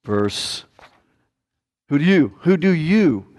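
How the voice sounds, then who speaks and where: A man's voice: a little high, sing-song, slow pace. Emphatic preaching man. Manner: emphatic, repetitive preaching that rises loud then drops to a hushed plea. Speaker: pastor. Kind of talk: sermon.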